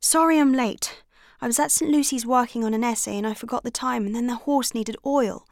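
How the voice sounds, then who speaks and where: Woman doing a determined young student, brisk, businesslike, storybook, dry sound. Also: on the high side, creaky, dry recording. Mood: breathless.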